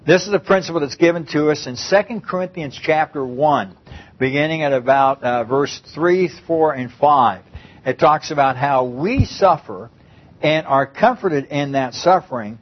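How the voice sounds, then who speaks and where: Husky-voiced man teaching a sermon. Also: on the high side, dull audio. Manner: conversational, repeats and restarts phrases. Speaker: preacher.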